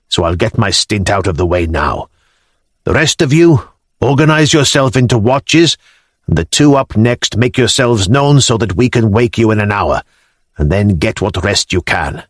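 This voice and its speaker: A male narrator voicing a weary, wounded Norse warrior leader who speaks bluntly and gruffly in an audiobook. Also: fairly low pitch, fairly bright tone, no echo, clean studio sound.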